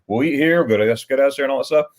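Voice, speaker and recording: A man's voice: medium pitch, very fast. A man hosting a casual livestream chat, telling rambling stories with restarts and chuckles. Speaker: livestream host.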